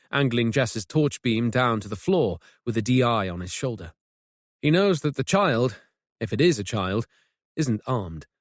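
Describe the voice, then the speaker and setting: A man narrating a mystery audiobook in a measured, suspenseful way, on a close studio mic. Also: medium pitch, no room sound. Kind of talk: scripted narration.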